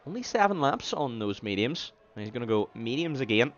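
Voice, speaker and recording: A man's voice: medium pitch, very animated, muffled recording, a little hiss or hum. A man commentating an online sim race on a stream, with lots of fillers and false starts. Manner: halting, full of fillers. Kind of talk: casual sim racing commentary.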